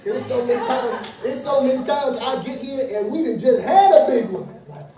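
A man's voice: extremely high pitch, lively intonation, moderate pace, dark tone. A male pastor preaching a casual, joking sermon that turns emphatic and earnest. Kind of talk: conversational sermon. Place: church sanctuary. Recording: echoey hall from a distant mic.

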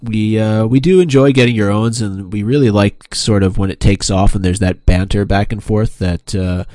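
A man with a low voice co-hosting a podcast, relaxed and easygoing as he reads listener messages aloud. The sound is dry and close, with no room echo. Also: moderate pace. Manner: laid-back, reads listener tweets aloud. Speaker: podcast co-host. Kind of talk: casual podcast chat.

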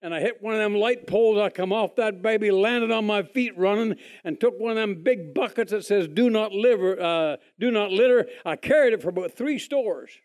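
A man telling his testimony in a folksy, animated way, acting out other people's lines. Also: high voice, fairly quick, few pauses. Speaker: speaker giving a testimony. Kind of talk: testimony storytelling.

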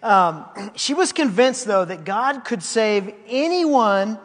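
A man preaching a sermon as a story, animated, acting out quotes, swinging from loud to quiet. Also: sits high, slow pace. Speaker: pastor. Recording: long reverb in a large hall.

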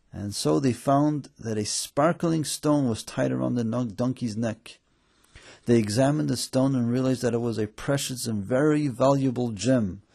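A man narrating a story in storybook style, raising his voice for the characters' lines. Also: creaky. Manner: voices characters with lifted excited pitch.

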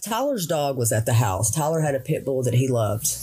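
Lady in her 40s, guest on a talk show, earnest and raw, pace keeps dragging then rushing. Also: extremely low pitch, big pitch swings, dark tone, faint music behind. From Tennessee, USA. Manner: earnest, raw, slows and speeds while recounting grief. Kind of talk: emotional personal interview.

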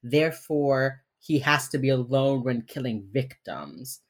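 A woman's voice: a bass voice, a little slow. A young woman co-hosting a podcast, chatting casually through a TV episode recap, swearing freely and acting out the characters' lines. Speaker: podcast co-host.

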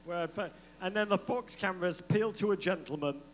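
A man's voice: high-pitched, a little fast, a little hiss or hum. A man co-hosting a live comedic football podcast, telling stories in a playful, mock-dramatic way and laughing often. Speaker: podcast co-host. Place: live show venue.

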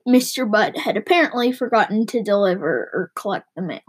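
A woman reading a novel aloud with lively, expressive storytelling. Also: mid-range voice, a little fast, slightly rough, poor audio. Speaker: reader.

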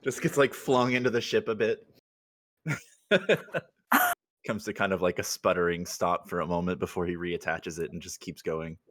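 A man's voice: low-pitched, fairly even intonation, moderate pace, fairly bright tone, no room sound, clean studio sound. A man narrating as game master of a tabletop game, casual and often laughing.

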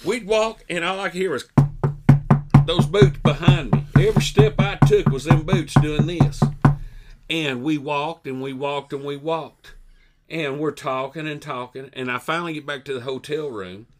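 A man telling a funny story in casual chat, animated and folksy, laughing often. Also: fairly high pitch, normal speed, loud music behind the voice. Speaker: podcast co-host.

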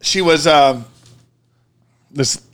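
A man's voice: fairly high pitch, very slow, fairly bright tone. A man, co-hosting a casual chat and rambling through stories with frequent laughs. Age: 30s. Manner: rambling storyteller, laughs often, swears. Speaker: podcast co-host, bar owner.

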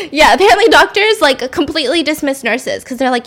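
A woman with a slightly high voice tells a creepy tale as a casual podcast host. She is chatty and loose, swears freely, and slips into quick voices for the people in the story. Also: expressive, a little hiss or hum.

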